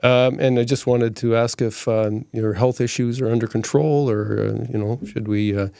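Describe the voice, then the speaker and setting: Podcast host, man, smooth clear voice, friendly and meandering, dry close room. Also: mid-range voice, steady tone, normal speed, mellow, no echo. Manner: friendly, asks long questions full of fillers and restarts. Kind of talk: casual podcast interview.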